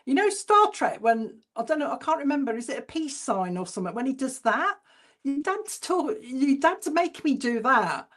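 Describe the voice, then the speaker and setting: A woman's voice: high-pitched, big pitch swings, fairly bright tone. A woman, a spiritualist medium giving clairvoyant messages at a church service in a chatty, informal way. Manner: chatty and informal, relays messages by repeating them slowly.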